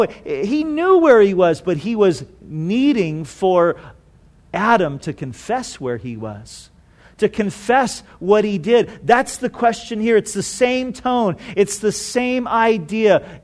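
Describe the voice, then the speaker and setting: A man preaching a sermon in a conversational way, acting out quoted lines and dropping to soft tones. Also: high-pitched, lively intonation, unhurried. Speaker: pastor.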